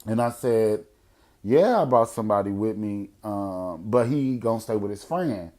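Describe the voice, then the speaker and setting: A man hosting a podcast, telling a story in a casual, profane way, swinging from loud outbursts to hushed moments. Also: fairly low pitch, lively intonation, unhurried. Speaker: podcast host.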